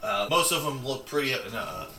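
A man's voice: medium pitch, expressive, normal speed, pushed and bright, reverberant. A man running a tabletop game as game master, narrating in a loose, rambling way with plenty of restarts and fillers.

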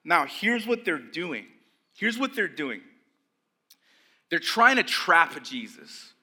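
A young man preaches a sermon in a very bright, forceful voice that sits a little high for a man. He talks in a loose, conversational way, full of asides to the congregation. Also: takes it slowly. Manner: conversational, animated, acts out voices of religious leaders. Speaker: pastor.

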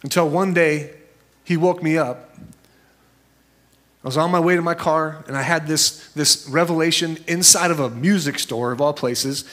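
A man preaching a sermon as a pastor, conversational and storytelling, jumping into high voices when he quotes people. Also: moderate pace, fairly bright tone.

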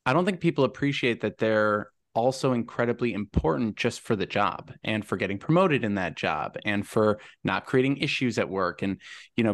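A man's voice: lowish voice, dry recording. Man host musing aloud, dry close sound. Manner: thinking aloud, restarts his questions. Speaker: podcast host on job searching. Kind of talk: conversational interview.

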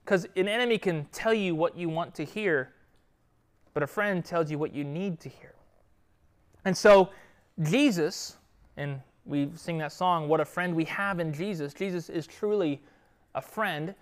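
Man, Bible teacher with a youth group, lively and conversational, tags lines with "right?". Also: high voice. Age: adult with children. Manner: animated, keeps checking in with "right?" and "okay?".

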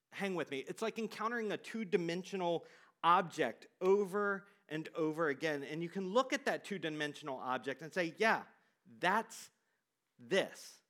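A man preaching a sermon in a high, swooping voice that climbs and falls all over. He asks the congregation questions, then sinks to a hush on the words he wants to land. It plays as an earnest, emphatic pastor. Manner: emphatic, dropping to quiet for stress.

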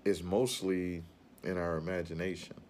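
A man's voice: low-pitched, flat delivery, normal speed, a little mellow, slight background noise. A man giving an earnest, rambling motivational talk about facing fear, often repeating his phrases.

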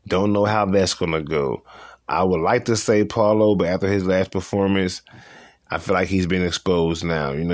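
A man's voice: low voice, no room sound, clean studio sound. A young man hosting a casual solo podcast, talking in a loose, slangy way and repeating himself as he goes over fights. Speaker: podcast host.

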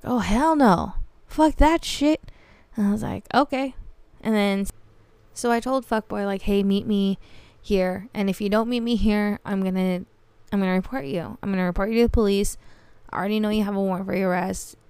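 A woman's voice: medium pitch, a little fast, clean tone, no room sound. A young woman hosting a podcast, casually telling a story with heavy swearing and frequent laughter. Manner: profane, animated, laughs often. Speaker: podcast host.

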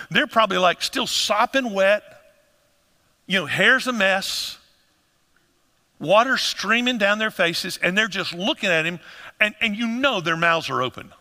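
A man preaching a sermon to his congregation in an animated way, acting out the voices of people in the story. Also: high voice. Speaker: pastor. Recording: long hall reverb.

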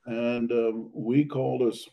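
An older man reminiscing about his academy days, halting with many fillers and restarts, his voice going hoarse and his throat needing clearing. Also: medium pitch, little pitch movement, lo-fi sound, slight background noise. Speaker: interviewee, academy alumnus. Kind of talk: reminiscing conversation.

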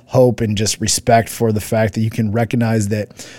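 A man's voice: on the low side, flat delivery, normal speed, darkish tone, no room sound. A man co-hosting a casual chat with his wife, talking bluntly and profanely, often trailing off and restarting his sentences. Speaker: co-host, husband. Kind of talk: casual podcast chat reacting to comments.

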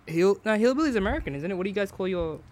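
A man's voice: high voice, lively intonation, very fast, darkish tone. A man with an Australian accent, co-hosting a casual podcast chat, laid-back and swearing freely. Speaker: podcast co-host.

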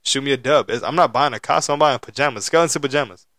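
A man's voice: medium pitch, fast, a bit bright, no room sound, clean studio sound. A man in his late twenties co-hosting a podcast, telling stories in loose, profane casual chat with frequent laughter. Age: 20s. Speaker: podcast co-host.

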